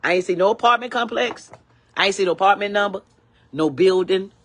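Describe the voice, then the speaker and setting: A woman's voice: mid-range voice, a little fast. An older woman ranting angrily in a vlog, repeating herself with indignant, preachy emphasis. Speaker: vlogger. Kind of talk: angry complaint rant.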